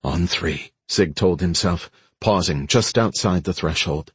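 A male audiobook narrator with a very deep, husky voice reads a thriller in a measured, suspenseful tone. The recording is dry and close, with no room sound. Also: no echo. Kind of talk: scripted narration.

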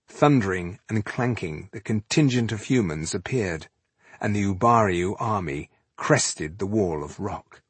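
A man narrates an audiobook at a measured, even pace. His voice is low and husky, recorded close and dry with no room sound. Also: no room sound.

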